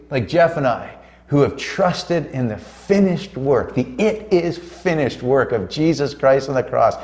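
Fervent male preacher, slow and lively. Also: mid-range voice. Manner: fervent, drawn-out emphatic delivery. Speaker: co-host preacher. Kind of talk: preaching on a Christian talk show. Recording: roomy echo.

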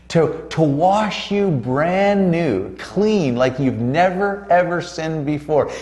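A co-host preacher on a Christian talk show, this man has a fairly high, darkish voice. He preaches fervently and emphatically, drawing out his key words, and the recording carries a roomy echo.

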